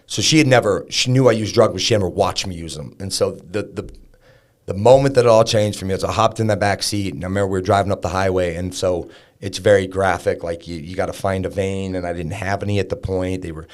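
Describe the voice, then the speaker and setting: A man in his thirties with a low-pitched, steady voice talks fast as a podcast guest. He shares a personal story candidly and conversationally, stumbling through fillers and restarts along the way.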